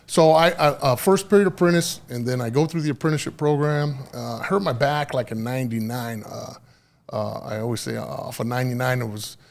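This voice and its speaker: A man's voice: mid-range voice, fairly quick. A middle-aged man, a podcast guest and union official, telling stories in casual chat, swearing freely and dropping Spanish phrases into his English, with many fillers and restarts.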